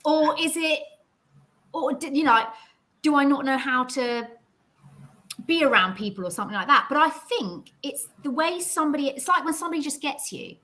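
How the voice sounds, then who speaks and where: A woman with a slightly high voice talks in a relaxed conversation, animated and chatty. She tells stories and acts out other people's lines in lively voices, then drops back into her own. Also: normal speed, long pauses. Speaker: guest. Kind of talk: casual chat about mental health.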